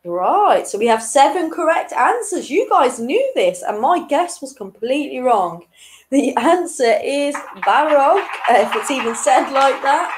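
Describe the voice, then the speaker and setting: A woman's voice: high-pitched, big pitch swings, moderate pace, hardly any pauses. A young woman hosting an online quiz in a chatty, giggly way, reading each question twice and tripping over her words. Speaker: quiz host.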